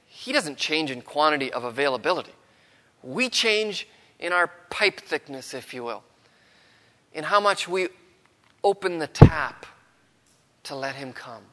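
Bright-voiced man preaching in a reverberant hall. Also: a little high, expressive, measured pace, long pauses. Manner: earnest, drops to a hush for quoted words. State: has a cold, throat strained. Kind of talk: sermon.

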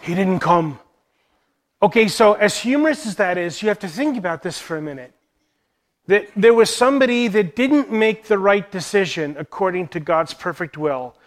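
Guy teaching a church leaders class, kinda high voice, earnest, keeps asking questions. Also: expressive, normal speed. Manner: earnest, poses rhetorical questions. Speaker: Christian teacher.

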